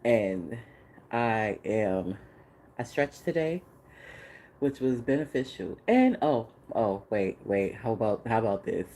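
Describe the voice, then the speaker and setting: A woman's voice: extremely low pitch, big pitch swings, slow pace, dark tone, rough recording. A woman hosting a podcast, speaking candidly in a casual spiritual monologue, laughing often and swearing freely. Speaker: podcast host.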